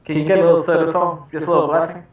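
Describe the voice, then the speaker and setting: A chatty man cheers the trades on and jokes with his co-host on a live stream. His voice sits a little high. It comes through very echoey and dull, with faint hiss behind it. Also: little pitch movement, racing, distant mic. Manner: chatty, encouraging, jokey. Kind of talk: casual live trading chat.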